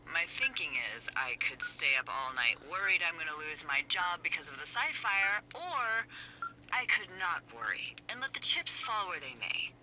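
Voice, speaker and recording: A woman voicing a wry, teasing female lookout supervisor in a video game, talking over a walkie-talkie with a playful, sarcastic manner. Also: noisy background. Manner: sarcastic, playful, swinging pitch.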